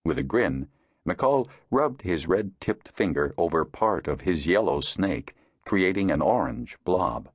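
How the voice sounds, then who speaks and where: Deep-voiced man narrating an audiobook. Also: expressive, husky, no echo, studio quality. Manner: measured storytelling. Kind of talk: scripted narration.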